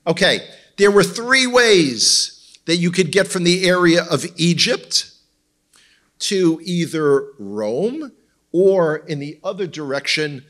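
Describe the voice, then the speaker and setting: A man with an Israeli accent speaks in a fairly high, slightly bright voice. He's a tour guide appearing as a guest speaker at a church, giving a humorous slide talk to the congregation, full of wry jokes and asides to the audience.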